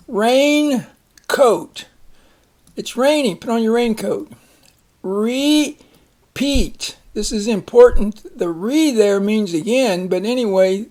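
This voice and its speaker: A man teaching a phonics lesson, slowly reading words, splitting syllables and giving example sentences. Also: high-pitched, a little mellow. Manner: slow, deliberate, repeats each word and splits syllables.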